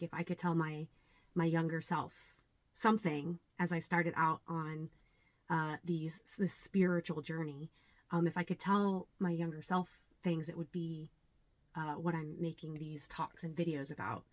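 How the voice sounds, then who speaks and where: A young adult woman, a yoga teacher, talking earnestly and reflectively to camera, with many ums and pauses. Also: low-pitched, steady tone, no echo. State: a little nervous. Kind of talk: casual talk to camera.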